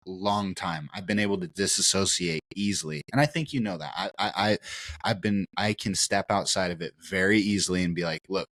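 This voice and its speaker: A man's voice: sits low, a bit bright. A man co-hosting a podcast, talking in a rambling, candid way and often restarting his sentences. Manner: rambling, many restarts, candid and self-reflective. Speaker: podcast co-host. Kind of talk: casual conversation.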